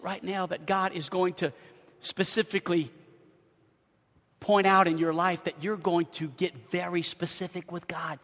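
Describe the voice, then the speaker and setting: Preaching pastor in an echoing hall. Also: male voice, sits high, level tone, a little slow. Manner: swings from quiet confession to shouted scripture. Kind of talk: sermon.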